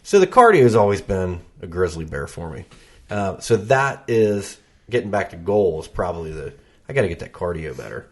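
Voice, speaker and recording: A man's voice: low voice, very animated, normal speed. A man chatting as a podcast guest, joking at his own expense and laughing often. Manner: self-deprecating, storytelling, laughs often. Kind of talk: casual chat.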